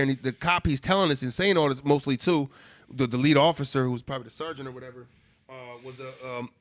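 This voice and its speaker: A man cohosting a podcast, telling stories in casual, profane, animated chat. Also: medium pitch, quick pace, no echo.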